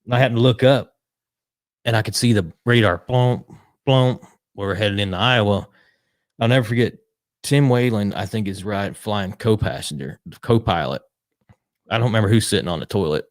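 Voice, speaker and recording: Man, lowish voice, rambling animated storyteller, dry close mic. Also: moderate pace, no echo. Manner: animated, acts out quotes, swears casually. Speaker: retired pit crew member, guest. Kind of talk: casual storytelling.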